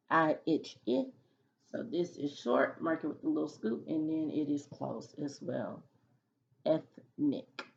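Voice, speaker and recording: A woman teacher walks young pupils through a phonics lesson, sounding out each letter and syllable with patient care. She speaks slowly, in a voice a little low for a woman. The recording is dull and lo-fi. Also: vocal fry, darkish tone, slight background noise.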